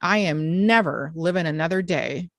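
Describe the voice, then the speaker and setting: A woman's voice: lowish voice, normal speed, no room sound, studio quality. A woman hosting a podcast, talking in a frank, direct and emphatic way in candid conversation. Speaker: podcast host.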